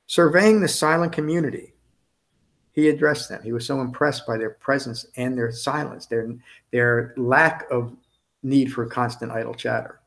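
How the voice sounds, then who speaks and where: In a creaky, mid-range, fairly bright voice at normal speed, a man addresses a meditation retreat group with a dharma talk. He's casual, tends to end points with tag questions, and keeps restarting and correcting himself as he goes.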